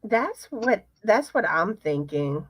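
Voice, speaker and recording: A woman hosting a casual live chat, reading viewer comments aloud in an unhurried way. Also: medium pitch, very animated, slightly rough, no room sound. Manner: chatty, unhurried, pauses to read comments. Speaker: livestream host. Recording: slightly muffled, dry sound.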